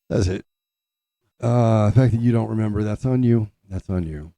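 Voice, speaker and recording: A man telling a long personal story in a casual, rambling way, often restarting and clearing his throat. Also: on the low side, normal speed, warm tone, no room sound. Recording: dull lo-fi sound.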